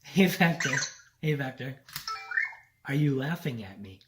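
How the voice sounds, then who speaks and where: A man's voice: medium pitch, expressive, unhurried, very noisy. Man coaxing a toy robot like a pet. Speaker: hobby robot vlogger. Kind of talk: casual vlog, talking to a toy robot. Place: indoors at a home countertop.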